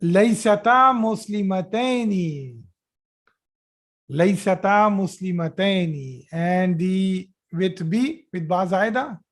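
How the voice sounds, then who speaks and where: A man teaching an Arabic grammar class live over a video call, slowly repeating each phrase and praising his students as they answer. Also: high-pitched.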